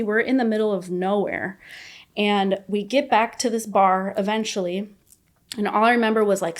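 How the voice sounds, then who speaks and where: Woman telling a raw personal story. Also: mid-range voice. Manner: casual, filler-heavy with constant "like"; raw and emotional, recounting an ordeal. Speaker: podcast guest. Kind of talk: personal story told in an interview.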